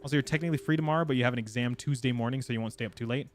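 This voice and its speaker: Casual live gameplay talk: a man rambles to his viewers as he plays, laughing frequently. He has a medium-pitched voice and talks very fast.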